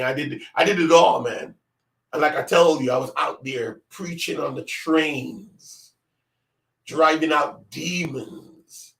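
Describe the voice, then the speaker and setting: A man's voice: medium pitch, creaky, fairly bright tone. A middle-aged man giving his personal testimony in an earnest, emphatic way, repeating phrases for weight. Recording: echoey room, distant mic.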